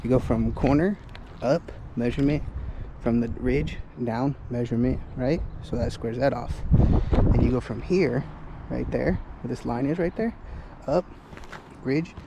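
Walking rooftops outdoors, a young man who is a roofing salesman and foreman casually explains what he sees for a vlog, occasionally out of breath. His voice is medium-pitched and gravelly at a measured pace, with outdoor noise behind it.

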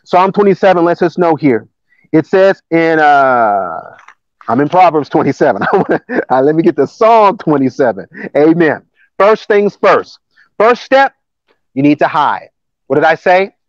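A man preaching a sermon with lively emphasis and repeated phrases. His voice sits high for a man. The recording is dry and close, with a slightly dull, muffled top end. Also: a little slow, dry recording. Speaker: pastor. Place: church campus building.

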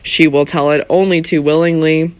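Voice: mid-range voice, level tone, normal speed, clear, resonant tone, no echo, close to an everyday voice. A reader voicing a cool, probing young barrister. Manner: polite, formal questioning.

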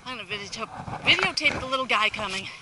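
High, lively older woman filming outdoors. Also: fast. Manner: chatty, giggly, frequent laughter. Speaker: vlogger filming her family. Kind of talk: casual home video narration. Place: outdoors on a snowy hill. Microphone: handheld video camera. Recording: noisy outdoor camcorder audio.

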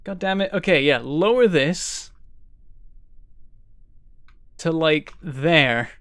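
A man's voice: a little high, takes it slowly, fairly bright tone, no echo, clean studio sound. A man from northern England streaming a game live, thinking aloud, answering chat and breaking into frustrated exclamations. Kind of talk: live-stream gameplay commentary.

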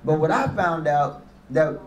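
A man delivers a motivational speech, pulling his listeners in with stories and calls for an amen. His voice sits high for a man. It rings around an echoey room full of people. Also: expressive, unhurried, a little hiss or hum. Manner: storytelling with call-and-response. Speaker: motivational speaker. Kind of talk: motivational speech to youth and parents. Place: room with a live audience.

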